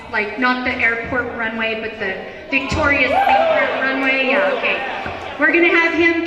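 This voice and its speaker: A woman's voice: high voice, highs cut off, noisy background. A woman hosting a school game show, calling out dares and cheering on contestants in an upbeat, encouraging way. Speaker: event host. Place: large school hall with a crowd. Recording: echoey hall recorded from far off.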